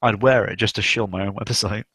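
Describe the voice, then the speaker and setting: A man's voice: fairly low pitch, fairly even intonation, fairly quick, fairly bright tone, breathy edge, dry recording. A young man hosting a casual livestream chat, rambling and swearing, with many fillers. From South West England. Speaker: stream host.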